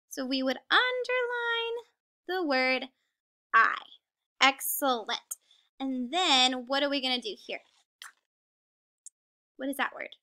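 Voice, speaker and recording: Bright high-voiced woman teaching small children. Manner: slow, encouraging, stretched-out words for small children. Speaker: kindergarten teacher. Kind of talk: remote reading lesson for young children.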